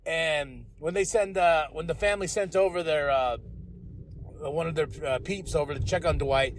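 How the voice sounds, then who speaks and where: A man hosting a podcast, giving a casual, rambling, profane recap of a TV episode, with loud bursts when excited. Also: a little high, moderate pace, slight background noise. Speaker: podcast host.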